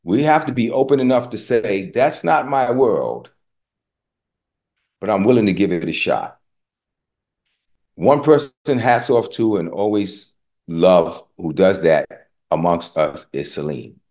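Male pastor, middle-aged, low voice with big swings in pitch, storytelling sermon. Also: a little slow, pauses often. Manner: animated storytelling, acting out dialogue.

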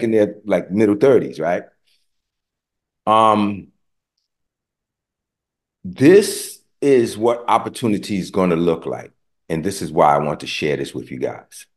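A middle-aged man preaching a sermon, telling a story and acting out both sides of a conversation. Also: medium pitch. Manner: animated storytelling, acting out dialogue. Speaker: pastor.

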